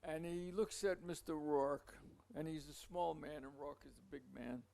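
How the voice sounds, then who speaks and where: A man giving a masterclass, telling a long anecdote in a rambling, halting way, with asides to the audience. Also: fairly high pitch, gravelly, darkish tone. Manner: halting, many restarts and fillers. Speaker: masterclass speaker.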